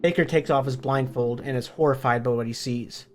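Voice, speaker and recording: A man's voice: medium pitch, fairly quick, a little hiss or hum. Man recapping a novel's plot. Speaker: book reviewer. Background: faint background music.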